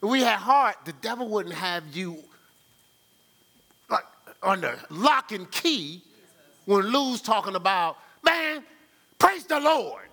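Pastor, male, lively sermon delivery, bright, acts out scenes in voices. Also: high-pitched, slow pace, creaky, pauses often.

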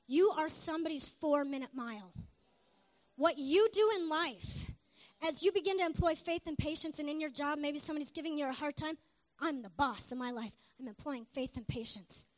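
A woman preacher giving an exuberant sermon to a congregation, shouting praise between points. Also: high voice. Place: church before a congregation.

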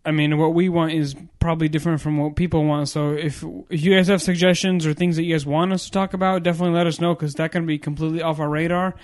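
A man co-hosting a casual podcast with a slight, hard-to-place accent, dropping quick dry remarks. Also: fairly high pitch, level tone, darkish tone. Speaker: podcast co-host.

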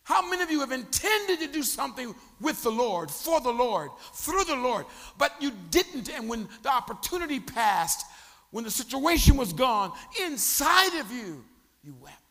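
A man preaching a sermon as pastor, animated, joking and calling on the congregation to respond. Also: very high voice, normal speed, big-room sound. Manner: animated preaching with crowd prompts and humor.

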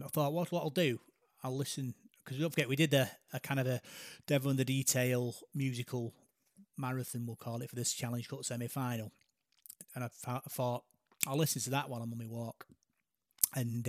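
A man's voice: medium pitch, no room sound, studio quality. A man, co-hosting a casual chat, talking hesitantly and reflectively. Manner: hesitant, reflective, soft-spoken. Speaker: podcast co-host.

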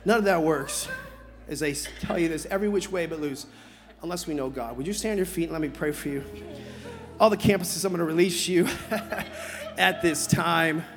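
A man preaching as a pastor, telling a lively story with acted voices, then leading a prayer, somewhat out of breath. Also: on the high side, normal speed. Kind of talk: sermon with altar call. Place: church auditorium. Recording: long hall reverb with music behind.

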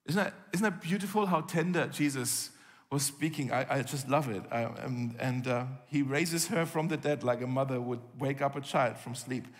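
A man's voice: medium pitch, moderate pace. A man preaching a sermon in a conversational storytelling way, acting out the lines of the people in the story. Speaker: pastor. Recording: long hall reverb.

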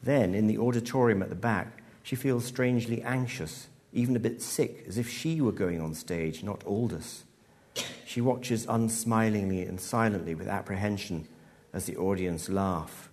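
A male author reads his own story aloud to a live audience. His voice sits low, and he tells the story in a measured, dry way. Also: darkish tone. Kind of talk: live literary reading. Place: live event hall.

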